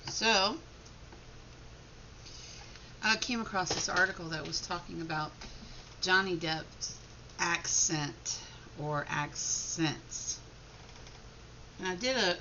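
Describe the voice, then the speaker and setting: A woman's voice: lowish voice, takes it slowly, long pauses. A woman chatting casually on her vlog from home. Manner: relaxed, chatty. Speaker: vlogger. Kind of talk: casual chat. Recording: gravelly, dull lo-fi sound with clear background noise and clicks.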